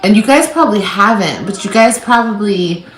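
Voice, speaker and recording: A woman talking loosely to her viewers in an animated, rambling live chat. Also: mid-range voice, normal speed, roomy sound, a little hiss or hum, poor audio. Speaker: livestreamer.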